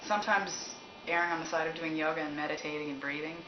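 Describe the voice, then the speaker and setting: A woman's voice: deep voice, steady tone, fast talker. A woman from Canada, a musician, answering fan questions in a rambling, candid way and laughing often. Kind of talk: casual chat. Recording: roomy, dull, noisy recording.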